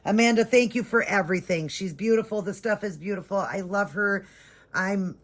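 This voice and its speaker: A woman's voice: medium pitch, normal speed. A woman chatting through a casual unboxing vlog at home, gushing and sentimental and close to tears. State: emotional, holding back tears. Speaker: vlogger unboxing a reborn doll. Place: home doll nursery room.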